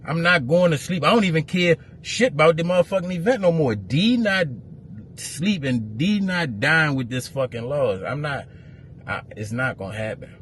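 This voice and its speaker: A man, an event promoter telling a story to camera as a profane, heated rant that grows louder. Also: a little high, lively intonation, normal speed, a little hiss or hum.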